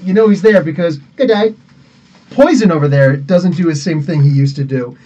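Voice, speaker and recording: A man's voice: a little high, moderate pace, dark tone. A man hosting a live podcast, chatting casually and rambling as he greets viewers by name. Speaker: podcast host. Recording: dull sound, mic somewhat distant.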